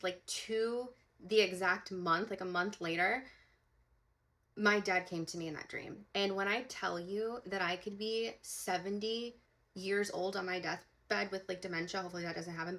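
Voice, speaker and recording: A young woman with a bright, forward voice tells a personal story straight to camera. She is emphatic and casual, leaning on "like" and checking in with "okay?" as she goes. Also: mid-range voice. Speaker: psychic medium.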